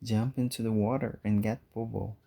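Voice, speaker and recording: A man's voice: on the low side, steady tone, moderate pace, vocal fry, mellow. A man reading aloud and voicing an angry, spoiled woman from California in a storybook, with a demanding manner.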